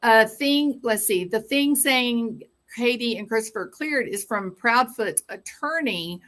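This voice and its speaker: A woman hosting a true-crime livestream in a loose, casual chat. She drawls slowly with a bright, forceful tone. Her talk rambles into sarcastic asides between viewer comments. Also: a little high.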